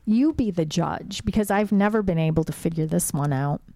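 Middle-aged woman spinning a creepy story, gravelly and mellow, chatty. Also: on the low side, moderate pace, dry recording. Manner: suspenseful, conversational storytelling with frequent "like" fillers. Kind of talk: casual storytelling chat.

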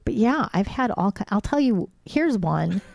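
Middle-aged woman spinning a creepy story, gravelly and mellow, chatty. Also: mid-range voice, lively intonation, normal speed, dry recording. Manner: suspenseful, conversational storytelling with frequent "like" fillers. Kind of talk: casual storytelling chat.

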